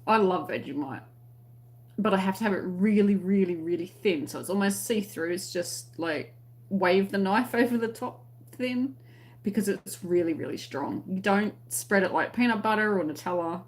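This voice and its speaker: A woman with an Australian accent chats casually on a crochet live stream and reads out viewers' comments as they arrive. Her voice sits at a middle pitch, and she keeps the talk friendly and light, laughing often between remarks. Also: normal speed. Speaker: crochet channel host.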